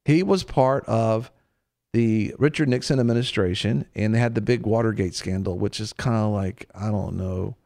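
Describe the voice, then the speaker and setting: Southern guy hosting a church talk show, low gravelly voice, dry close sound, tells stories animated. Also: moderate pace, dry recording. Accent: American Southern. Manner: animated storyteller, acts out quotes. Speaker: radio show host. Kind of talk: casual faith talk show chat.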